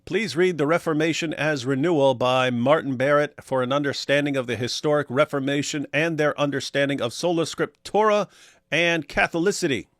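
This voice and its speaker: A man's voice: fairly high pitch, a little fast, fairly bright tone, no room sound, studio quality. A man co-hosting a casual livestream, joking around and reading viewer comments aloud in put-on voices. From Australia. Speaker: co-host reading live chat.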